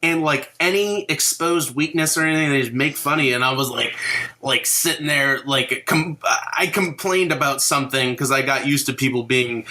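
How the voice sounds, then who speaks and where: Young male co-host, veteran: loose, filler-heavy, profane talker with a bright, forward voice. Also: medium pitch, moderate pace. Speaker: podcast co-host, Marine veteran. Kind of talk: casual podcast chat.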